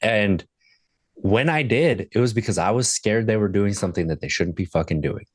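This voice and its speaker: A man's voice: lowish voice, expressive, moderate pace, no echo. A man in his thirties, a sobriety coach appearing as a podcast guest, earnestly telling stories from his own life in a casual conversation. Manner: earnest storyteller, retelling moments from his life.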